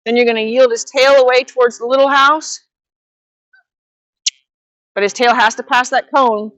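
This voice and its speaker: A woman horsemanship instructor coaching a student live, giving steady directions and quick repeated praise. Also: on the high side, no echo, muffled recording.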